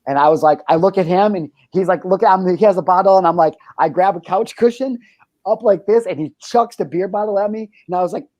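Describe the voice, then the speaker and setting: Hosting a casual talk show, a man tells a wild story with plenty of energy and heavy swearing. His voice sits high, he talks at a quick pace, and there's no echo.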